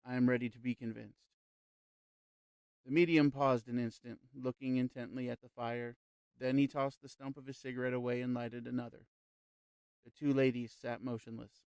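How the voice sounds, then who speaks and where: Male narrator for a classic novel audiobook: mid-pitched, measured, even storytelling, dry close mic. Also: smooth, no room sound. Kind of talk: scripted narration.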